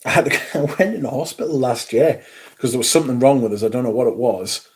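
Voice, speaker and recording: A man's voice: mid-range voice, fast talker. Middle-aged man, livestream host, sweary and rambling. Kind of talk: casual livestream chat.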